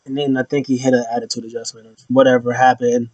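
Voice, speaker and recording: A young man giving a casual, animated wrestling recap in slangy talk, now and then acting out the wrestlers in a pitched-up voice. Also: fast, no room sound, highs cut off. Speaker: wrestling show reviewer. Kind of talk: casual opinion vlog.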